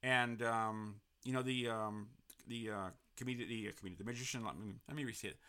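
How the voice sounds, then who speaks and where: Guy hosting a chat show, bright tone, keeps restarting his sentences. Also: fairly low pitch, steady tone, fairly quick, clean tone. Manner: rambling, many restarts and fillers. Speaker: podcast host. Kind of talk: casual interview chat.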